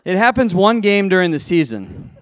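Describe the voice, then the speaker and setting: A man with a high-pitched, very animated voice speaks at a moderate pace, telling a live audience a self-deprecating story about himself. He's chatty, laughs at his own expense, and keeps restarting sentences. The studio sound is clean with no room sound.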